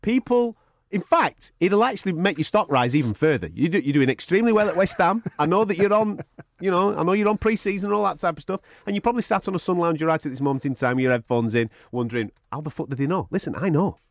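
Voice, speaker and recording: A man co-hosts a podcast, teasing and joking through casual banter in an animated way. His voice is high and quick, with no echo.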